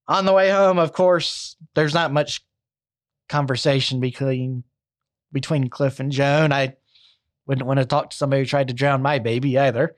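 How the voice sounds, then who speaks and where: A man's voice: medium pitch, steady tone, normal speed, no room sound, studio quality. Casual, wry male true crime storyteller. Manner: conversational, wry asides.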